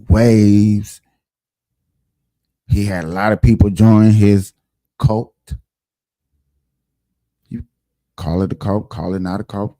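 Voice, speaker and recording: Guy running his live show, chatty and emphatic, lowish mellow voice, dry close mic. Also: no echo. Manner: emphatic, chatty, addresses viewers directly. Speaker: livestream show host. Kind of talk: casual livestream talk.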